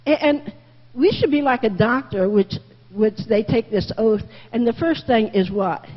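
A woman's voice: on the high side, unhurried, husky. A woman teaching a Sunday school lesson in a folksy, candid way, often repeating her phrases. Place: church classroom. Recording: muffled reverberant room recording.

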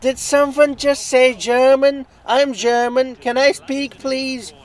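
Slow, self-important German alter ego, pitched up high, as a man puts him on; smug, insistent. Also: fairly even intonation, heavily acted. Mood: pushy.

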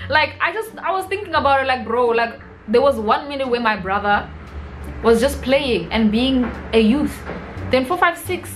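A young South African woman vlogging a comedic rant, animated and mixing local slang into her English. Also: high voice, normal speed, faint music behind, rough recording.

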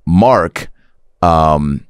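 Deep voiced guy hosting a comedy podcast, playful, bouncy delivery. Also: expressive, clean tone, dry recording, studio quality. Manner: playful, riffing, quick to laugh. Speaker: podcast host. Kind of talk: casual comedic chat.

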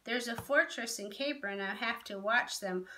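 A woman's voice: fairly high pitch, normal speed, bright, forceful tone, a little hiss or hum. A woman voicing a bitter teenage boy with an intense, scornful way of talking, in a read-aloud storybook.

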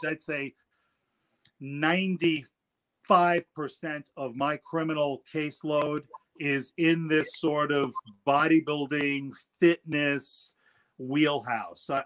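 A man's voice: medium pitch, a bit bright. A middle-aged man, an attorney guest, telling stories in casual interview talk and often repeating words as he goes.

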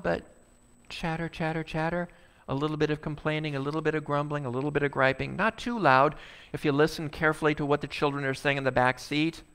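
Man, pastor, animated sermon, clear resonant voice, mid pitch. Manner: animated preaching, acting out the complaining crowd.

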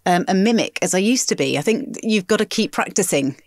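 A woman's voice: mid-range voice, expressive, a little fast, no echo, clean studio sound. A woman hosting an interview, a voice actor herself, talking in a chatty, agreeable way. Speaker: podcast host and voice actor. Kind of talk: conversational interview.

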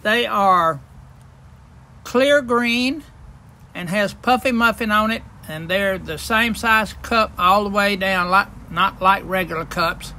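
Bright high-voiced man in his eighties. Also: slow pace. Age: 80s. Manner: plain, matter-of-fact, brief answers. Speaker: guest, retired principal.

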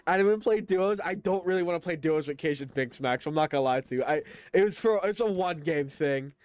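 A man streaming a video game live, talking to his chat in a chatty, excitable way. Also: a little high, fairly quick, hardly any pauses, no echo, faint music behind. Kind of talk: live gaming stream commentary.

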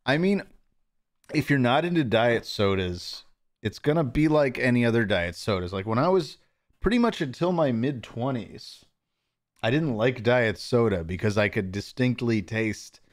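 A man's voice: medium pitch, normal speed. A man streaming a video game, chatting casually and answering his viewers as he plays. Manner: relaxed, chatty, reads and answers chat. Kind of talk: casual live-stream gameplay chat. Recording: game music behind the voice.

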